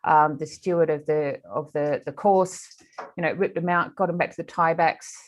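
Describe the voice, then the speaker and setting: Animated woman telling a story. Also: deep voice, normal speed. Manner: animated storyteller with many restarts. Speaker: animal communicator, interview guest. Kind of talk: storytelling in an interview.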